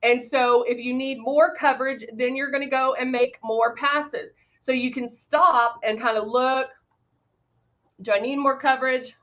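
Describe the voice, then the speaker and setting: A woman's voice: high voice, fairly even intonation, a little slow, fairly bright tone, lo-fi sound. A woman casually demonstrating airbrush makeup on a livestream, greeting viewers by name while she works. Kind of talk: casual live makeup demo chatting with viewers.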